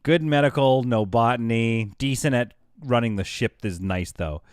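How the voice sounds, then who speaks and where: A man livestreaming a game, chatting casually with his audience, animated and quick to laugh. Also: mid-range voice, smooth, no room sound, clean studio sound. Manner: chatty, talks to chat. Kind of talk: casual live game commentary.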